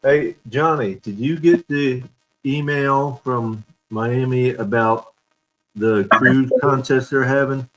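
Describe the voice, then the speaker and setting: A man's voice: mid-range voice, takes it slowly, fairly bright tone, low-quality recording. A man hosting a casual live-streamed fan chat, telling stories and laughing often over a video call. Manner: chatty storyteller, laughs often. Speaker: fan show host.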